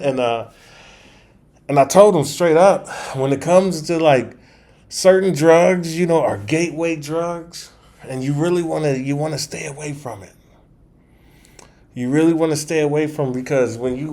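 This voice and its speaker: A man talking straight to his viewers in a loose, unscripted monologue. He rambles and circles back, restarting sentences and dropping slangy asides, at a pitch in the middle for a man. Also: darkish tone. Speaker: channel host. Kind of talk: casual storytelling monologue.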